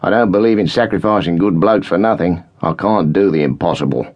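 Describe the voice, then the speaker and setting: A man reading an audiobook, voicing a burly, gruff Australian squadron leader with a blunt, growling manner, on a dull lo-fi recording. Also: sits low, brisk, voice pushed up.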